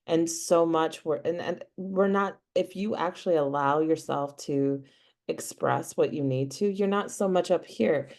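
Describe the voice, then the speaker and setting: Heartfelt woman guest with a gravelly, fry-heavy voice, casual and filler-laden, on a video call. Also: low voice, measured pace, darkish tone. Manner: heartfelt, peppered with "like" and "you know". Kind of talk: casual interview chat.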